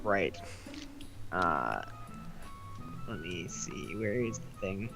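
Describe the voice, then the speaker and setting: Over music, a man with a low, gravelly, sing-song voice speaks very slowly while playing a tabletop game. He's a player in a casual chat, asking questions hesitantly and filling his speech with lots of fillers.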